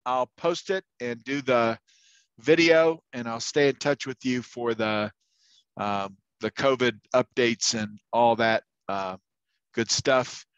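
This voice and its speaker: A man lecturing at a university shares anecdotes in an easygoing, rambling way, with many fillers and restarts. His medium-pitched voice is smooth and fairly bright, though the audio sounds dull and has no echo.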